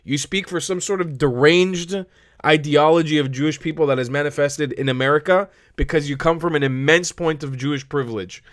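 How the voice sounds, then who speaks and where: A man's voice: fairly high pitch, brisk, dry recording, studio quality. A man hosting a reaction video, angry and swearing as he rants at a clip. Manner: swearing, angry, repeats himself. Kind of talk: heated reaction commentary.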